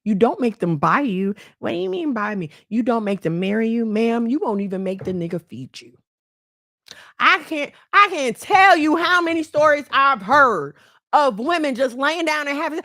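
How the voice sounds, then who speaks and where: Blunt high-voiced woman scolding her audience. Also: normal speed, dry recording, studio quality. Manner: blunt, scolding, animated, breaks into laughter. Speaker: channel host. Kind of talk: preachy commentary to women.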